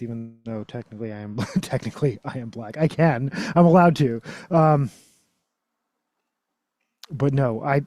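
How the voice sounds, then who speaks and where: A man's voice: mid-range voice, dry recording. Rambling man in casual chat. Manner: self-correcting, trailing off into quiet mumbles. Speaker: streamer showing library books.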